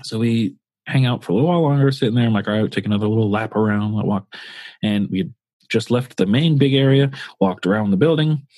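A man's voice: fairly low pitch, fast, darkish tone, no room sound. A man co-hosting a podcast, telling a long story in a casual, rambling, profane way full of fillers. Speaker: podcast co-host.

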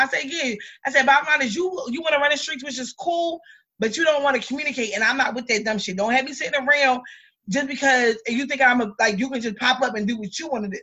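A woman in her thirties co-hosting a podcast, telling a story in blunt, lively chat with lots of swearing. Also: high voice, fast, dull audio. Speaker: podcast co-host. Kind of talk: casual chat.

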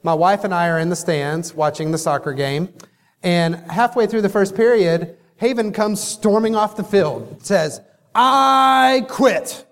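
Male keynote speaker, high-pitched and emphatic, motivational storytelling, reverberant hall sound. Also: darkish tone. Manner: emphatic, storytelling with dramatic pauses.

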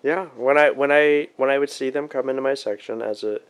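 A man's voice: medium pitch, brisk, clean tone. Young guy a bit tipsy, hiccups, casual swearing while he chats. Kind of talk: casual podcast chat.

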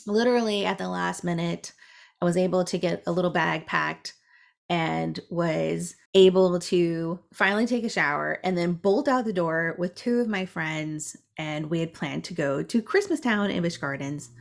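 A woman's voice: on the low side, moderate pace, vocal fry. A woman podcast co-host telling a personal story in casual, chatty talk, full of "like" fillers. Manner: chatty, animated, frequent "like" fillers.

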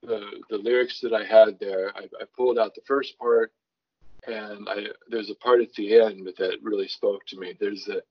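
Speaking at a normal speed with little pitch movement, a low, husky, somewhat breathy man walks through how he builds a song from a psalm. This songwriter guest is thoughtful, doubles back on words, restarts often, and reads scripture with varied emphasis. The audio is dull and lo-fi.

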